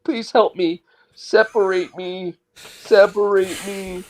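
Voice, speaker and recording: A man voicing a small male dog that is stuck and pleading for help, in a slow, whiny tone. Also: high voice, fairly even intonation, slight background noise, pitched above the performer's own voice.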